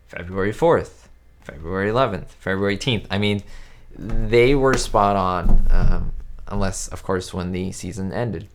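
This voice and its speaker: A chatty man whose first language is Spanish hosts a live-stream chat with a slightly low voice. He rambles, restarts his sentences and greets viewers by name. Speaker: YouTube host answering live chat. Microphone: webcam setup.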